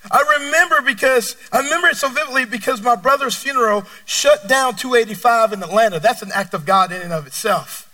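A man in his thirties delivers a sermon in a strikingly high, piercing and bright voice. He swings between loud, emphatic lines and hushed ones. He sounds a little distant from the microphone. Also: fairly quick, hardly any pauses. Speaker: pastor. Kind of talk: sermon with personal story.

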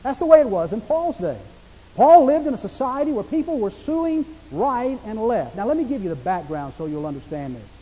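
A man's voice: very high voice, sing-song, a little fast, dark tone, slightly rough, in a large hall, rough recording. A man preaching a sermon as a pastor, conversational and emphatic, asking his listeners rhetorical questions.

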